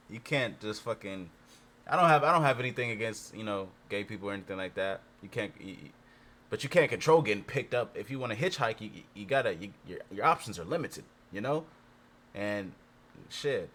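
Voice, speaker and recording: A man with a mid-pitched voice talks casually, rambling and repeating himself while he thinks things through aloud. He swears often, in a loose conversational way. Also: a bit bright. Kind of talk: casual chat.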